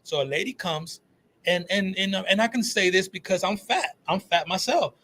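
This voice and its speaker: A man in his thirties telling stories in casual chat, profane and animated, calling everyone bro and dog. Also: high-pitched, moderate pace. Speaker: podcast guest, phone shop owner.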